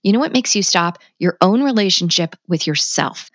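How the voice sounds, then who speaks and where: A parenting educator appears as a podcast guest in a candid interview, speaking at a moderate pace in a fairly low voice with no room sound. She's blunt, emphatic, animated, and passionate, and swears freely.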